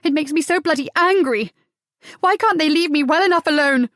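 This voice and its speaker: A woman voicing a fierce, defiant young writer, speaking sharply and forcefully. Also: fairly high pitch, moderate pace, dry recording, studio quality, natural voice. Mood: furious.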